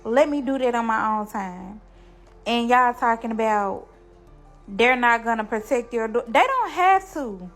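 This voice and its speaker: Woman, emotional direct-to-camera talk, defensive and heated, pitched a bit high. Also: steady tone, unhurried, soft background music. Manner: impassioned, defensive, speaks to viewers as y'all. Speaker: mother telling her story.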